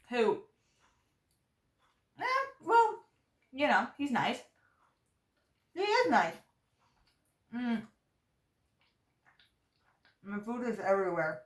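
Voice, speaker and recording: A woman's voice: a little high, big pitch swings, extremely slow, long pauses, reverberant. A young woman telling a story in a casual vlog chat, rambling and full of fillers while she chews her food. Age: young adult. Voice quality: loose, rambling, heavy on "like" fillers. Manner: chatty, talks while chewing food. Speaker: vlogger.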